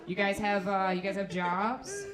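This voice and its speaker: A woman doing a stand-up set, telling dark jokes flatly and laughing at her own lines. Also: medium pitch, a little slow, crowd noise. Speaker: stand-up comedian. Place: comedy club stage. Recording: echoey comedy club.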